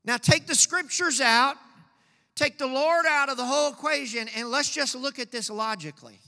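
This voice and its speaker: A man's voice: very high-pitched, normal speed, pushed and bright, long reverb tail. A male pastor preaching a sermon in a church, reading scripture and calling out to the congregation with growing fervor. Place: church sanctuary.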